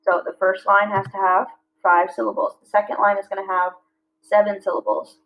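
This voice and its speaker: A woman teaching a class, reading lines slowly and clearly and breaking words into syllables. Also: medium pitch, level tone, a bit bright. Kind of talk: classroom lesson. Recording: slightly dull lo-fi audio.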